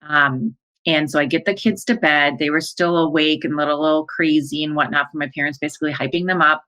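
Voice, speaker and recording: A woman with a low, deep speaking voice tells her own story as a podcast monologue. She speaks in an emotional, breathless way, acting out her own and her family's words as she goes. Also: fairly even intonation, a little fast, a bit bright, rough recording. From American Midwest. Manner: emotional, breathless retelling with quoted dialogue. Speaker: life coach and podcast host.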